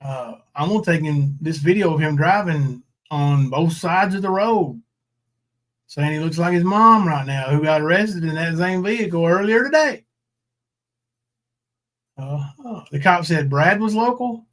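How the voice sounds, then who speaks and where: A man's voice: fairly high pitch, expressive, a little slow, fairly bright tone. A man hosting a livestream, talking in a rambling, sarcastic, coarse way. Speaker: livestream host. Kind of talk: casual livestream commentary.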